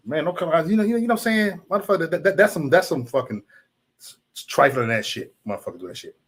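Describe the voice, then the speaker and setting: A man's voice: on the high side, very animated, fairly quick, pauses often, breathy edge. A man hosting a livestream, ranting heatedly at his chat with lots of profanity and repetition. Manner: profane, heated, repeats himself. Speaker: livestream host. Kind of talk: casual livestream rant to chat.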